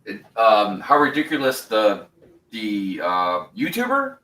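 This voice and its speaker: A man's voice: on the low side, huge pitch swings, slow, bright, forceful tone, roomy sound, recorded from a distance, a little hiss or hum, poor audio. A man in his forties hosting a casual livestream, rambling in a laid-back way, laughing easily and reading chat comments aloud. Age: 40s. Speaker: host of a building livestream.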